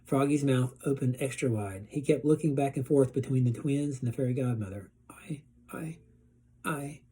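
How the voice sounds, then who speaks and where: A male teacher reading a children's storybook aloud in a steady, gently expressive way. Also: mid-range voice, brisk, slightly rough.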